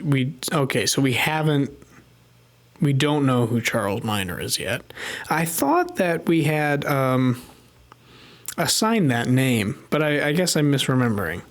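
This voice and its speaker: A man's voice: medium pitch, big pitch swings, slow, long pauses. A man live-streaming a puzzle game, thinking aloud and muttering to himself as he works things out at his desk microphone. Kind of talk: casual live-stream commentary while gaming.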